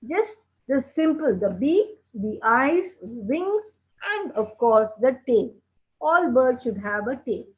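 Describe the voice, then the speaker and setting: Slow-spoken woman teaching puppetry. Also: high-pitched, sing-song. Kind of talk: teaching workshop talk. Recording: dull lo-fi sound.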